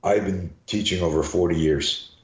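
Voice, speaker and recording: A man's voice: low voice, normal speed, reverberant, muffled recording. An older man, a self-defense coach, talking in a casual interview, chatty and restarting words as he thinks. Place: garage.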